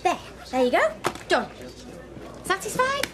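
A sarcastic kitchen worker. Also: female voice, very high-pitched, very animated, unhurried, noisy background, heavily acted. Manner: sarcastic, cheeky. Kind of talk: television soap acting.

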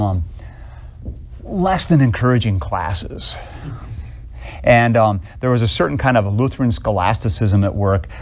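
Middle-aged male professor, classroom lecture, chatty and lively, lots of ums. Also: lowish voice. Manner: casual, animated storytelling with many fillers. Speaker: seminary professor.

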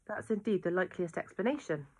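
A woman voicing a calm, patient female police inspector who speaks in a measured, reassuring way. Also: lowish voice, slightly rough.

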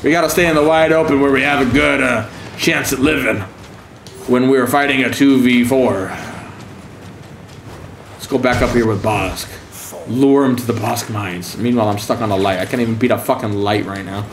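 A man's voice: mid-range voice, moderate pace, gravelly, reverberant, a little hiss or hum. A man giving profane, sarcastic commentary while streaming a game, taunting opponents with mock-scared calls. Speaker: gaming streamer.

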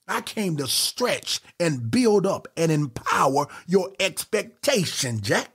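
A man with a high, husky voice delivers a fervent podcast sermon. He preaches with a rising, rhythmic exhortation, rushing some phrases and stretching others for emphasis. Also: sing-song.

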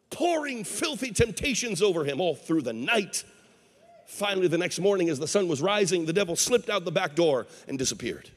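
Animated male evangelist in a hall. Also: sits high. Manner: dramatic, rhetorical questions to the crowd. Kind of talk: storytelling sermon. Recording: long hall reverb.

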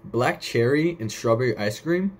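A man's voice: medium pitch, expressive, normal speed. A young man hosting a casual solo podcast, rambling off on tangents and swearing casually. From United States. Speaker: podcast host.

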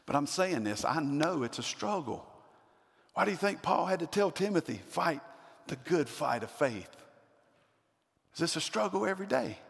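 A man's voice: mid-range voice, gravelly, husky, in a large hall. A man preaching a sermon as pastor, building to emphatic repeated questions. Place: church sanctuary.

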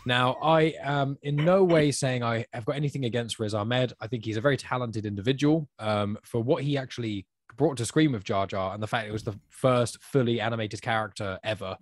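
A man talking through his views in a casual podcast chat, opinionated and sure of himself. His mid-pitched voice comes in fast spurts. The recording is dry and close, with no room sound. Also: no echo. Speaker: podcast guest.

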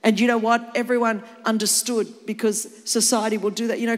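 A woman's voice: a little high, little pitch movement, a little fast. A woman in her fifties with an Australian accent, preaching a sermon with passion that rises to emphatic exclamations. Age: 50s. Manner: impassioned, rising to emphatic exclamations. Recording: long reverb of a large hall.

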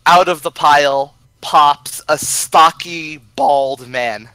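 A man running a tabletop game, taking his narration slowly and breaking it up with fillers. His voice is bright and forceful, a little high. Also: clean tone, dry recording. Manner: halting, with many fillers. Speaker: game master.

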